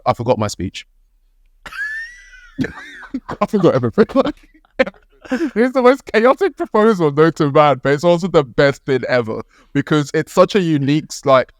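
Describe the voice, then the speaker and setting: A young British man, a podcast co-host, telling a story in an animated, casual way, laughing and swearing as he goes. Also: mid-range voice, no room sound, clean studio sound.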